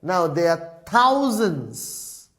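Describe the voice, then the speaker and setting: A man's voice: sits high, extremely slow. A man giving a whiteboard business presentation as the presenter, speaking in punchy lists and tagging phrases with a repeated "all right?". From Malaysia. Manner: animated, emphatic lister. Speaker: network marketing presenter.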